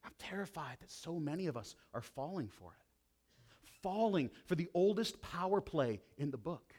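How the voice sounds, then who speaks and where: Preaching man with a fairly high voice. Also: sing-song, normal speed. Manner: dramatic preaching, swings between loud emphasis and hushed intensity. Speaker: pastor. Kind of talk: sermon.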